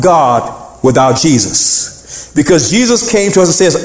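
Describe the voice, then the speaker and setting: Animated preaching pastor, higher-pitched man. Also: unhurried. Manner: animated preaching with call-and-response and sung phrases. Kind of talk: sermon. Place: church sanctuary. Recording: echoey church room.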